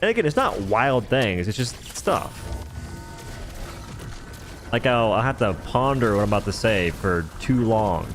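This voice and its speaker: A man's voice: on the low side, very animated, measured pace, pauses often, music in the background. A man streaming a game live, rambling and joking in casual chatter as he answers viewers' chat.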